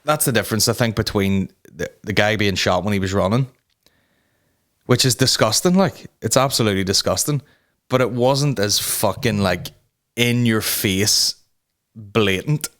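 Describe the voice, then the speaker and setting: A man's voice: fairly low pitch, moderate pace, fairly bright tone. A man hosting a comedy podcast, ranting heatedly with lots of swearing and restarts. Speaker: podcast host.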